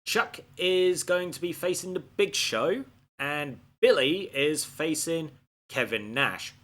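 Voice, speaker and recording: A man giving animated, expletive-laden commentary on a video game playthrough. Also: on the high side, slow. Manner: animated, swears often, frustrated outbursts.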